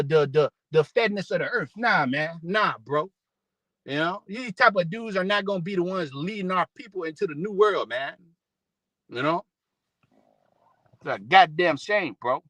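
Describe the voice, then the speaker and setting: A man delivers a rough, profane street sermon, reading out scripture between slangy asides. His voice sits high and bright and sharp. The recording is dry and close. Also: no room sound, low-quality recording. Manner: rough slangy preaching, reads scripture aloud, swears often; repeats "man" and "you know". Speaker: street preacher.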